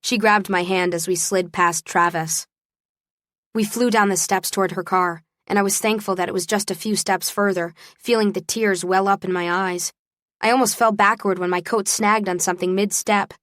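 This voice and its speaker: A woman's voice: medium pitch, steady tone, moderate pace, fairly bright tone, no echo, clean studio sound. A woman narrating an audiobook in the first person, telling the story expressively.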